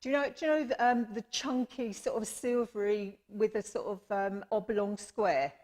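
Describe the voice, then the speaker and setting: The speaker is a woman medium with a mid-range, darkish voice and a moderate pace, doing readings at a church service. Her live demonstration is chatty and warm, with frequent apologies and many uses of "my lovely."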